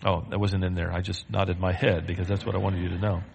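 A man's voice: sits low, little pitch movement, fast talker, creaky, a little mellow, slightly rough. A male pastor preaching a sermon with emphasis, leading his congregation in call-and-response and then praying. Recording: long reverb of a large hall.

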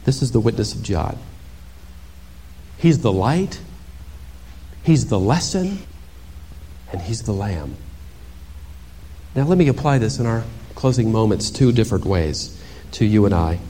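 A male pastor preaching a sermon in an animated, dramatic way, moving from loud emphasis to hushed asides. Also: medium pitch, moderate pace, long pauses.

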